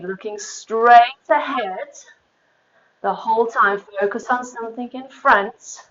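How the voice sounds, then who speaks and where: A woman leads a live pilates workout from a home room with an exercise mat, a little out of breath as she counts reps aloud and chats between exercises. Her medium-pitched voice is steady, measured, and fairly bright, though the recording has its highs cut off.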